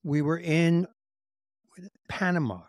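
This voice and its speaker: A man's voice: on the high side, lively intonation, slow pace, a little mellow, no echo, studio quality. A man hosting a podcast, telling self-deprecating comic stories in a wry, conversational way and acting out what others said to him. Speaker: podcast host. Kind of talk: comedic conversational storytelling.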